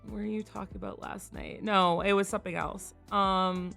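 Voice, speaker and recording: A woman streamer chatting casually on a live stream, frank and quick to laugh, swearing freely. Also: mid-range voice, fairly even intonation, vocal fry, a bit bright, faint music behind.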